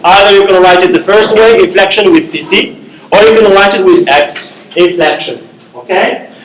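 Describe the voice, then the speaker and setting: A man's voice: high-pitched, normal speed, fairly bright tone, a little hiss or hum. A man giving a university linguistics lecture, explaining step by step and checking in with the class with frequent "okay?" and "right?". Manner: explains step by step with many okays and rhetorical checks. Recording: echoey classroom.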